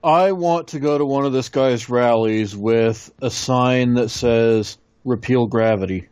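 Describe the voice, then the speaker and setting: A man co-hosting a casual podcast chat, chiming in with quick wisecracks. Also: medium pitch, fairly even intonation, a little mellow, smooth, dry recording, lo-fi sound. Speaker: podcast co-host.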